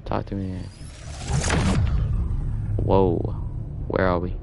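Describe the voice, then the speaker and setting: A man streaming a video game, reacting in excitable, joking, rambling casual commentary. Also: low-pitched, slow, vocal fry, dull audio, very noisy. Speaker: gaming streamer.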